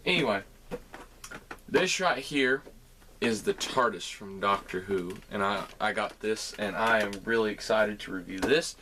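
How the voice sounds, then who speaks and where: A man's voice: lowish voice, unhurried, sharp tone, slight background noise. A young man with a Southern American accent chatting casually to viewers about his holiday toy haul, rambling and friendly. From Southern United States. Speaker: collectibles vlogger.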